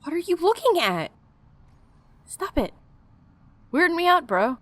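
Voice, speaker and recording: Lively, blunt woman gamer. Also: very high voice, a little slow. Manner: blunt, swears freely, chatty asides. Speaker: let's play gamer. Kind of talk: casual gameplay commentary.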